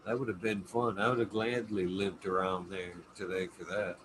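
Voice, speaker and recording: A man's voice: deep voice, level tone, moderate pace, a bit bright, a little hiss or hum. A man hosting a casual podcast chat, telling loose, profane stories and laughing, running a stream with a chat. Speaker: podcast host.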